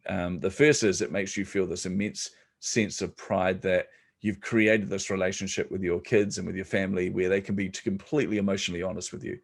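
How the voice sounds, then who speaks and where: Middle-aged New man, low and gravelly, relaxed joking podcast guest. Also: fairly quick. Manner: relaxed, joking, many ums. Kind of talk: casual storytelling interview.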